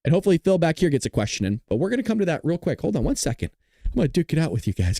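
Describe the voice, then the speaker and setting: Animated, profane male stream host. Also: a little high, racing, no echo, studio quality. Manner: animated, profane, jokey, talks to chat. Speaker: livestream political commentary host. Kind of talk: live political commentary stream reacting to chat.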